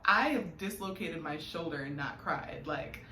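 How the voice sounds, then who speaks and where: A young woman tells her own story to the camera in a candid, heartfelt vlog. Her voice sits a little low, and she laughs and uses fillers as she goes. The room is echoey, with a faint hum of noise behind her. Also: a little slow, few pauses, bright, forceful tone. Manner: candid, emotional, laughs often, many fillers. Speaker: vlogger.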